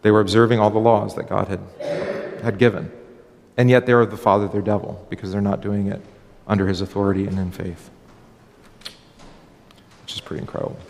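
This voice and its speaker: A man preaching as a pastor in a relaxed, conversational sermon, acting out little dialogues and often restarting his sentences. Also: lowish voice, brisk, creaky, long pauses. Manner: conversational, acts out dialogue, frequent fillers and restarts. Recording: long hall reverb.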